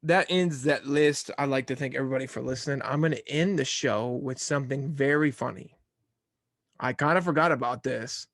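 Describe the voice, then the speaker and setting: A man's voice: medium pitch, a little fast, a bit bright, no echo, clean studio sound. A young man hosting a casual sports podcast, talking in an easygoing, rambling way. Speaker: podcast host.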